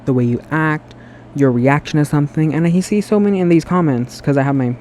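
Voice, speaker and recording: A man's voice: on the high side, a little fast, darkish tone, slight background noise. A man vlogging to his phone camera in a home bathroom, chatty and sassy, earnest and emotional as he rambles. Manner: chatty and sassy, lots of "girl" and "like"; emotional and earnest, self-described sensitive. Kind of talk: casual rambling monologue to camera.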